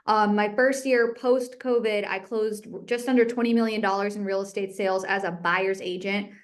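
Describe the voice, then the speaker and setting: Young woman real estate agent giving a pep talk, candid and upbeat, middle pitch. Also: moderate pace. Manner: candid and energetic, telling her story to the group. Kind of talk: motivational talk.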